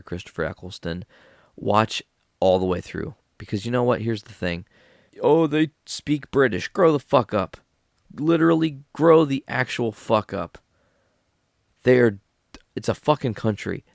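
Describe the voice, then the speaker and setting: A man's voice: deep voice, gravelly, no room sound, clean studio sound. A man hosting a solo podcast, ranting bluntly with heavy profanity. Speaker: podcast host.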